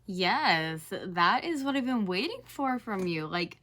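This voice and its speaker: A woman's voice: medium pitch, lively intonation, slow pace, few pauses, fairly bright tone. A woman in her twenties hosting a reaction video, chatting casually, blunt and swearing now and then. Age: 20s.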